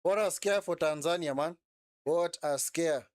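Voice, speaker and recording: A man's voice: on the high side, unhurried, no echo, studio quality. A man hosting a live football watch-along, reacting to the match and asking viewers to subscribe. He repeats himself and keeps saying "man". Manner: animated, repeats phrases, says "man" often.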